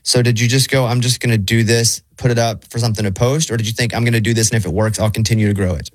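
A man hosting a radio show, asking a guest questions in a relaxed, joking way. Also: mid-range voice, very fast, no room sound, studio quality. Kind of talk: casual interview chat.

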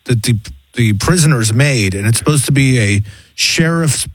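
A man's voice: medium pitch, lively intonation, normal speed, slightly rough, no room sound. A man co-hosting a casual talk show, setting up a clip in an offhand way. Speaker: co-host.

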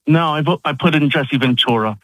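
A man calling into a radio show, defensive and sarcastic as he argues with the host. His voice sits slightly high. The sound is close and dry. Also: brisk, a bit bright, dry recording, poor audio. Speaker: caller. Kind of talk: call-in radio conversation.

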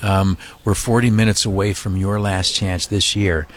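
A man's voice: low voice, fairly even intonation, moderate pace, a little hiss or hum. A man hosting a charity radiothon, making an earnest, rambling appeal full of restarts and fillers. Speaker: radio host. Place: radio studio.

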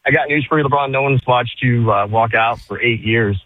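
A male caller complains bluntly and talks fast, his voice at an ordinary middle pitch. It reaches the studio over a tinny phone line.

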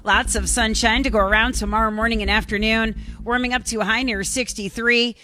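A woman reading a radio weather forecast in an upbeat, crisp manner. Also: fairly high pitch, steady tone, fairly quick, bright, forceful tone, a little hiss or hum. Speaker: weather presenter.

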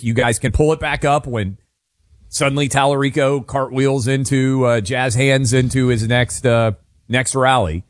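Radio co-host, man from Tennessee, mid pitch, dry close sound, wry and opinionated. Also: no echo. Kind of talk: talk radio banter. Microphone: studio microphone.

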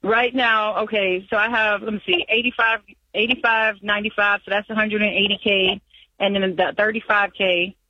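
A woman's voice: mid-range voice, fairly even intonation, moderate pace, no room sound. Anxious woman caller on a dull phone line. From San Diego. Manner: anxious, rambling, nervous laughs. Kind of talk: phone-in call.

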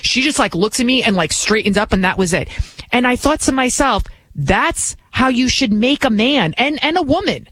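A woman's voice: on the high side, animated, normal speed, fairly bright tone, slightly rough, no room sound, low-quality recording. A woman filling in as a talk radio host, delivering blunt, combative and opinionated commentary.

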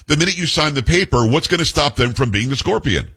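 Husky, blunt male radio host. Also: a little high, lively intonation, fast talker, few pauses. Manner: blunt, forceful, storytelling. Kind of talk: opinionated call-in talk radio.

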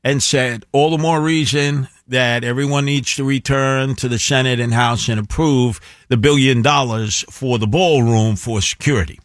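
A man hosting talk radio with chatty, wry banter and quick asides. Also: medium pitch, fairly even intonation, no echo, clean studio sound. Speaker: radio talk show host. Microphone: studio microphone.

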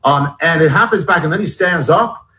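A middle-aged man telling a personal story as a guest, animated and halting, with many restarts. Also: fairly high pitch, low-quality recording. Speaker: guest author. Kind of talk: storytelling in an interview.

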